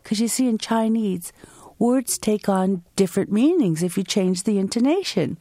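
This is a mid-range female voice with no room sound. She's an American answering interview questions and telling a vivid story from her own life, slowly and expressively, dramatizing the quotes as she goes.

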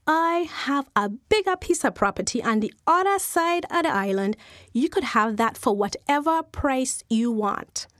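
A woman's voice: high voice, animated, unhurried, a bit bright, dry recording, studio quality. A woman voicing an exasperated male land seller. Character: fed-up land seller, a man.

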